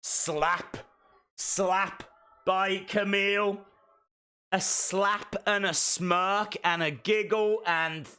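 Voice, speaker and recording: A man giving excitable, jokey live commentary while watching a show along with viewers. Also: on the high side. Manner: excitable, jokey, talks to himself. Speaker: live stream reactor.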